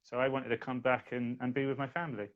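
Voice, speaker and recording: A man's voice: medium pitch, flat delivery, fast. A man telling a personal story in a casual podcast chat, quoting the people involved as he goes. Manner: recounts events plainly, quotes others. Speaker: guest. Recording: dull lo-fi audio.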